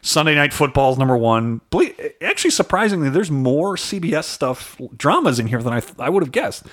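A podcast co-host from the Chicago suburbs, with a slight South Side Chicago accent, speaks briskly in a fairly high, sing-song, slightly bright voice. He rambles through casual chat, lists facts, and often corrects himself mid-sentence.

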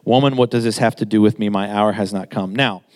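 A man in his thirties preaching a sermon in a casual, conversational way, getting animated as he makes his point. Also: on the low side, brisk.

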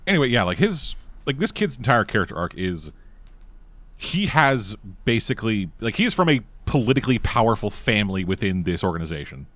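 A man's voice: on the low side, sing-song, a little fast, a bit bright, no room sound. A man in casual podcast chat, talking crudely and animatedly and laughing often. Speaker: podcast co-host.

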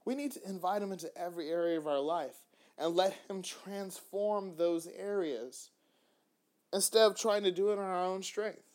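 A man hosting a faith-based podcast, talking in an animated way with frequent restarts. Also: sits high, moderate pace. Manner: animated, acts out little dialogues, frequent restarts. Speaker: podcast host.

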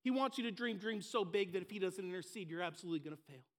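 A man pastor delivering a sermon to a congregation from a church stage, impassioned, swinging between loud emphasis and hushed asides. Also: high-pitched, expressive, very fast.

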